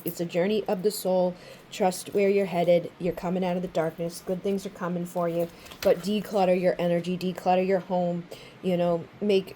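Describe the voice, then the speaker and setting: Mellow-voiced woman giving a casual tarot reading. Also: fairly low pitch, a little hiss or hum. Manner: chatty, swears freely, acts out quotes. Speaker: tarot reader.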